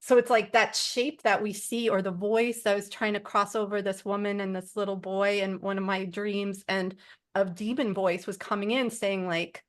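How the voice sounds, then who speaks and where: A woman's voice: mid-range voice, steady tone, normal speed. A woman sharing spiritual experiences in a casual group conversation, rambling earnestly with many "like" fillers. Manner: rambling, heavy use of "like" fillers. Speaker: support group member.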